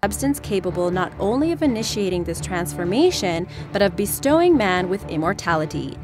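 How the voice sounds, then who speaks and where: A woman reading scripted science-video narration in a brisk, wry explainer manner, played from a video. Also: medium pitch, very animated, over music.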